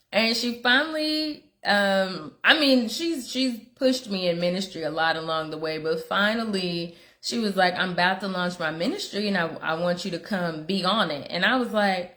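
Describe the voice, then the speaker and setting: A woman in her thirties tells her faith story in an unscripted testimony. Her voice sits at an ordinary middle pitch. She rambles warmly through fillers and acted-out inner dialogue, laughing at herself along the way. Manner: candid, conversational, self-deprecating, laughs often. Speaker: guest speaker telling her faith story. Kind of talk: personal testimony.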